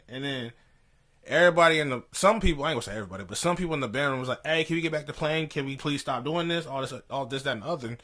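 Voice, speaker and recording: A man's voice: mid-range voice, rapid-fire, bright, forceful tone. A young man co-hosting a podcast, telling a story in casual slangy chat and laughing as he goes. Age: young adult. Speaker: podcast co-host. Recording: poor audio.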